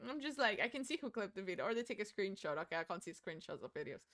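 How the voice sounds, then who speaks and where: A woman's voice: medium pitch, big pitch swings, fast talker, a bit bright. A woman streamer chatting casually to her viewers while she does her makeup. She is dramatic, swears freely and laughs easily. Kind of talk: casual live-stream chat.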